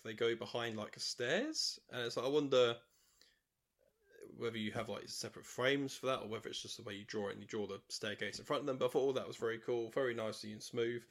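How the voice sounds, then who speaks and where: A man, co-hosting a podcast, chatty and quick to laugh. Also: mid-range voice, fairly bright tone. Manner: chatty, laughs often, acts out quotes. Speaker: podcast co-host. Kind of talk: casual chat.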